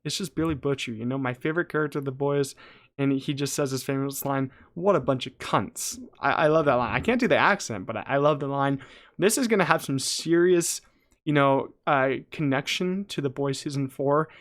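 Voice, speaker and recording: A young man talking casually and excitedly to his viewers, rambling with restarts and asides as he reviews a show. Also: medium pitch, fairly quick. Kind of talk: casual solo review talk.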